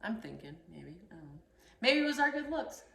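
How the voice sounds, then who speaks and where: A young woman telling a story in casual chat, animated and acting out the voices in it. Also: on the high side, brisk, gravelly. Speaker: storyteller host. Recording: echoey room.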